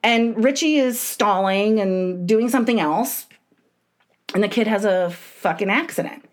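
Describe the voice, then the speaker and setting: A woman in her thirties co-hosting a casual podcast. She tells stories in a blunt, profane, animated way, with her voice jumping up in loud bursts. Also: mid-range voice, measured pace. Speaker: podcast co-host. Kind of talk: casual chat.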